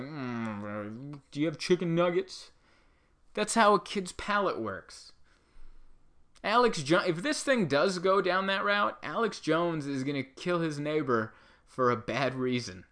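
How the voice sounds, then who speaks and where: A man delivering a rambling comedic monologue, animated and full of asides. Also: a little high, normal speed.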